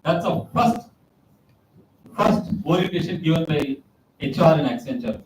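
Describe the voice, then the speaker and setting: This guest speaker, whose voice is a little higher than most men's, is animated and unhurried, leaving long pauses in his motivational talk. He tells anecdotes and repeats key phrases for emphasis, heard from a distance in a roomy, echoing hall with a faint ambient hum.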